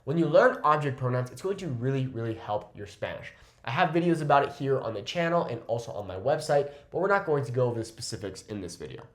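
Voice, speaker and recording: A man teaching a language lesson, slowly repeating phrases and often checking in with "okay?". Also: medium pitch, lively intonation. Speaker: Spanish teacher. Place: Mexico.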